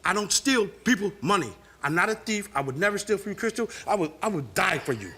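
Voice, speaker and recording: Fast-talking defensive man, high voice. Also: very animated, bright, forceful tone, husky. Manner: defensive, repeats denials, swears. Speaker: guest. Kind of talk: heated talk-show argument. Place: TV studio stage.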